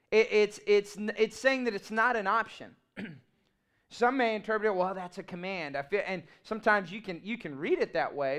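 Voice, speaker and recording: A man, preaching a sermon in an animated, humorous and emphatic way. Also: high-pitched. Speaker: pastor.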